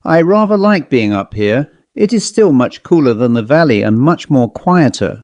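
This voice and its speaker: A man voicing a jovial, eccentric elderly English gentleman who speaks in a genteel, old-fashioned, chatty way with an English accent. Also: mid-range voice, sing-song, moderate pace, no echo, highs cut off. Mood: genial.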